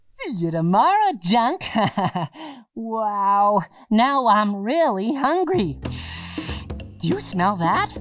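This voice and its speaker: A woman's voice: mid-range voice, sing-song, very slow, faint music behind. A woman voicing a cheerful, playful dog in a children's educational show, bubbly and giggly. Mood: excited.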